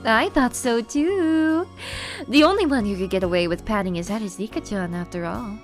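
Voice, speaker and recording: A woman voicing a gentle cheerful teen girl. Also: a little high, normal speed, soft background music, lightly acted. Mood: friendly. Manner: light, friendly teasing. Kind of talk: reading a visual novel aloud.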